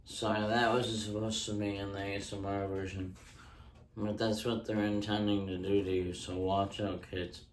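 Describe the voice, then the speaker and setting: A man doing a casual home-recorded ASMR stand-up bit, rambling through deadpan jokes with frequent ums, close on a handheld mic. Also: lowish voice, normal speed, a little hiss or hum. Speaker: stand-up comedian. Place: indoors at home.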